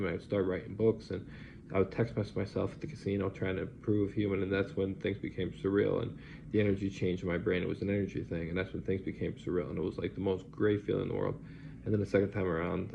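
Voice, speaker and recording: A man's voice: low voice, creaky, mellow. A man rambling through an agitated personal monologue, swearing now and then. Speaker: vlogger. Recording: lo-fi recording with faint hiss.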